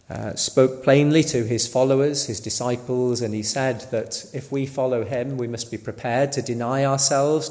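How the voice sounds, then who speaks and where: A man preaching a sermon in a slow, deliberate way, sometimes asking the listeners rhetorical questions. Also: medium pitch, darkish tone. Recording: long hall reverb.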